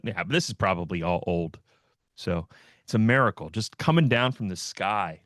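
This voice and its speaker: A man with a fairly low voice hosts a live trading stream. He talks through the market in a loose, joking way, full of fillers and asides. The sound is dry, with no room echo at all. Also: expressive, moderate pace, a bit bright. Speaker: host of a trading livestream. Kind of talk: casual live market commentary.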